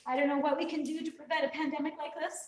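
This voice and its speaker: A woman's voice: sits high, little pitch movement, racing, echoey room, recorded from a distance, low-quality recording. A woman hosting a live stream, crying as she speaks to her viewers in a heartfelt, rambling, earnest way. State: tearful, crying. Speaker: fitness vlogger hosting a livestream.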